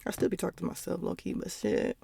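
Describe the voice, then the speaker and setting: A woman's voice: on the low side, fairly even intonation, quick pace, gravelly, warm tone, husky, no echo. A young woman hosting her own podcast, telling personal stories in a rambling, profane, casual monologue with laughing asides, recorded at home. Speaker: podcast host.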